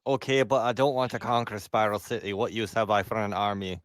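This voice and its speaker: A man's voice: fairly low pitch, level tone, fairly quick. A man playing his character in a tabletop game, answering with dry, sarcastic quips. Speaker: player.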